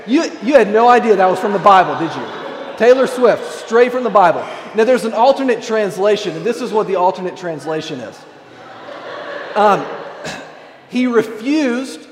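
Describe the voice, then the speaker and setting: Emphatic high-voiced preacher in an echoing hall. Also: male voice, a little hiss or hum. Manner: emphatic preacher reading scripture aloud and addressing the congregation. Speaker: pastor. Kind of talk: sermon. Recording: echoey hall with long reverb.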